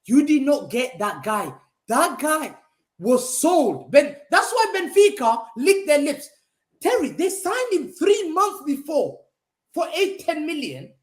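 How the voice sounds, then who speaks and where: Male fan-show pundit, high voice, swinging pitch, mocking and emphatic, roomy echo on the recording. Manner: animated, mocking, emphatic repetition. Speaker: football pundit. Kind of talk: heated football fan talk show rant.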